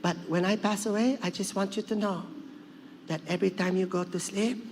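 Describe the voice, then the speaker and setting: A man doing a cheeky, fearless old grandmother with a high, sing-song voice. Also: fairly even intonation, a little fast, background noise. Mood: impish. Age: older. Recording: live venue with long reverb.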